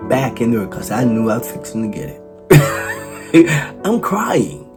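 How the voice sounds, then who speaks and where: A man in his 60s with a lowish voice and lively intonation tells a personal story at normal speed, laughing often. Guitar music plays underneath.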